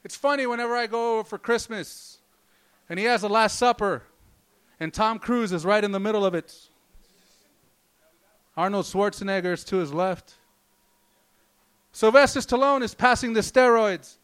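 High-voiced, foul-mouthed stand-up comedian. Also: male voice, normal speed, pauses often, fairly bright tone, clean tone. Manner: profane, rambling, loose delivery.

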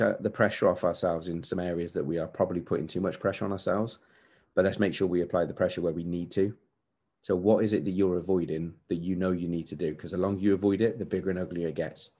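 A man's voice: low voice, warm tone, husky. A man in his forties hosting a podcast, giving an earnest, candid motivational monologue with repeated emphatic phrases. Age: 40s. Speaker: podcast host.

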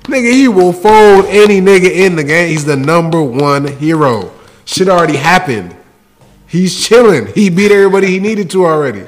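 A man's voice: high voice, expressive, moderate pace. A young man in casual chat with friends, arguing emphatically in heavy slang about anime.

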